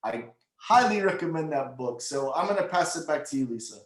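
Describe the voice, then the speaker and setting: A man co-hosting a morning video call, hyping a deal and a book in a rapid, repetitive way. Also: on the high side, animated, echoey room. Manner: hyped, rapid, repeats himself. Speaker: co-host. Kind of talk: casual sales pep talk on video call.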